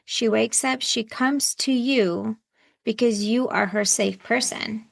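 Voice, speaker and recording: Woman host coach, slow and affirming, higher gravelly voice. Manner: affirming, encouraging. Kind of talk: coaching conversation.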